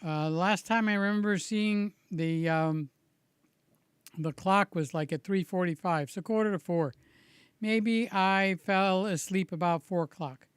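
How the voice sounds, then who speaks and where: A slow, rambling man chats casually with his live viewers, his voice a little hoarse. His tone stays smooth and clear, and the recording sounds dry and close. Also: high-pitched, no room sound. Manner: slow, rambling and friendly, greets viewers by name. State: slightly hoarse from shouting. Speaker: vlogger chatting with live viewers. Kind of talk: casual live-stream chat.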